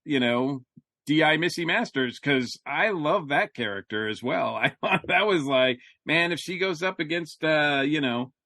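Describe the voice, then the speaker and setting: A man co-hosting a podcast in casual chat, talking haltingly with lots of fillers and restarts. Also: fairly high pitch, lively intonation, sharp tone, no room sound, clean studio sound. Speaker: podcast co-host.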